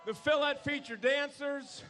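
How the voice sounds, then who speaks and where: A man's voice: extremely high pitch, fairly even intonation, unhurried, shouting, background noise. A man emceeing an outdoor ceremony, upbeat, calling out instructions and thanks to a crowd. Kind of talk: crowd announcing over a PA.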